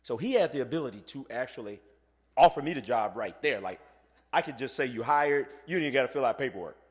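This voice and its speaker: A man giving a motivational keynote speech, telling a story and acting out the voices of the people in it, going from soft to loud. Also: medium pitch, animated, fast talker, big-room sound. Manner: acts out quoted voices. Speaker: motivational speaker.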